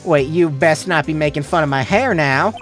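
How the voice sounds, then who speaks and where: A man's voice: a little high, moderate pace, fairly bright tone, faint music behind, voice pushed up, lightly acted. A man voicing a brash, pushy woman photographer with a put-on Southern accent and a folksy, bossy drawl.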